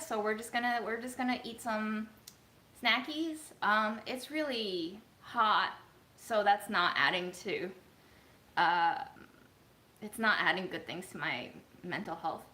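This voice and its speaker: A woman with a bright, sharp-edged voice talks casually to her viewers from her home kitchen. She speaks in a soft, reflective way, pausing often with ums. The room gives a noticeable echo. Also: mid-range voice. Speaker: vlogger. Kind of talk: casual livestream chat. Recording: roomy echo.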